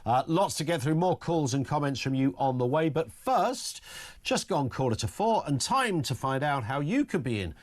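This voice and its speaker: A man's voice: a little high, very animated, moderate pace. A man hosting a talk radio show, chatty and blunt, often sounding incredulous.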